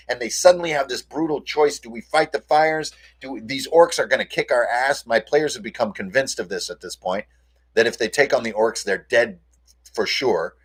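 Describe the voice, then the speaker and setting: A man, a game master, casually recapping his tabletop role-playing session and playfully addressing his viewers. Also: mid-range voice.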